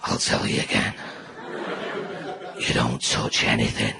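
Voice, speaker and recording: A man voicing a stern, menacing 1970s father with a Manchester accent, who speaks in a slow, hushed, near-whispered threat. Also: very deep voice, little pitch movement, creaky, crowd noise, pitched below the performer's own voice, full character voice.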